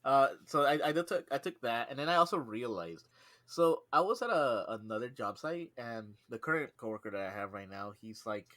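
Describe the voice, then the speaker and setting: At medium pitch and normal speed, a young man co-hosting a podcast chats casually and tells stories with animation. Expect plenty of swearing and quotes he acts out.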